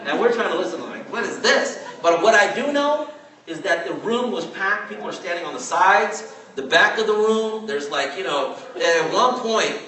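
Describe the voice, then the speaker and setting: A man in his forties from California tells a story to a live audience in a chatty, animated way, laughing as he goes. His voice sits a little high and sounds bright and forceful. The hall echoes heavily, and he stands some way from the mic. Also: normal speed, recorded from a distance. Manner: chatty, animated, asks "right?" often, laughs as he talks. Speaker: network marketing trainer. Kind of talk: storytelling training talk.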